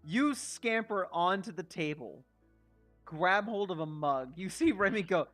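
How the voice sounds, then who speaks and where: A man's voice: high-pitched, expressive, measured pace, fairly bright tone, no room sound, faint music behind. A man running a tabletop game as game master, narrating casually with plenty of swearing. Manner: casual, swearing, laughing often.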